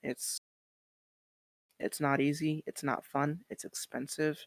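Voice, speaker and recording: A woman's voice: low voice, level tone, takes it slowly, gravelly, no echo. A woman speaking as a guest on a podcast interview, earnest and encouraging, with some casual swearing.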